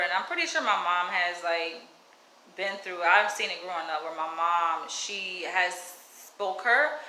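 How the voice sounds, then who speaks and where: Brief: woman vlogger, casual and outspoken storytelling, bright voice with a roomy echo. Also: a little hiss or hum. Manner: outspoken, animated, drops into higher mimicking voices when quoting others; casual speech with light cursing. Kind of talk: casual storytelling to camera, reading live chat.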